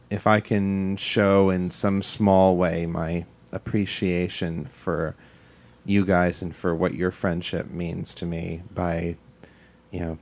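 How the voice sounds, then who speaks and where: A man hosting a podcast in casual chat, heartfelt and quick to laugh. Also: low voice, gravelly, darkish tone. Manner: laughs often, slow and heartfelt. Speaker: podcast host and novelist.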